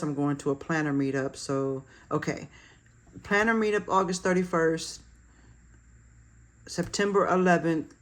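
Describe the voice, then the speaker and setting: A woman chatting casually while decorating her planner, laughing at herself with self-deprecating humor. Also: low-pitched. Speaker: planner vlogger.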